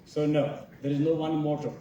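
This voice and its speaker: A director telling animated stories at a festival masterclass, quoting other people as he goes. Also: on the high side, normal speed, highs cut off, a little hiss or hum. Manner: animated storytelling, quotes others. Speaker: film director. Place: large festival hall. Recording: echoey hall, picked up from far off.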